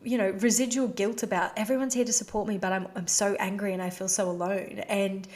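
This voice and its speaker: A woman's voice: medium pitch, steady tone, fairly quick, a little mellow. A woman hosting her own podcast, talking candidly and emotionally in a casual, heartfelt way, with "you know" and "like" scattered through her speech. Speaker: podcast host. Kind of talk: personal confessional podcast talk.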